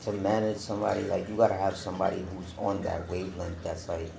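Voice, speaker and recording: Low gravelly laid-back man. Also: little pitch movement, quick pace. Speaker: host. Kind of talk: casual interview talk. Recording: roomy and noisy.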